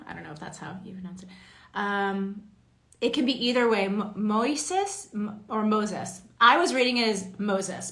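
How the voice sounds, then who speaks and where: Woman, actress, casual live Q&A chat, greets fans by name, reads comments aloud, bright voice, echoey room. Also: sits high. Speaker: voice and motion-capture actress hosting a fan signing.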